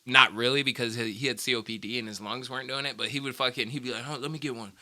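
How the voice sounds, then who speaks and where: Sharp-voiced young man telling rambling stories. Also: medium pitch, steady tone, fast talker, dry recording. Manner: rambling, profane storytelling full of "like". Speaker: podcast host; machinist. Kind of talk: casual chat.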